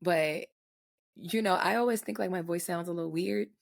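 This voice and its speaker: A young woman co-hosting a podcast in casual chat, slangy and animated, with a raspy voice recovering from voice loss. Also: lowish voice, moderate pace. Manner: animated, laughing, slangy storytelling. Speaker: podcast co-host.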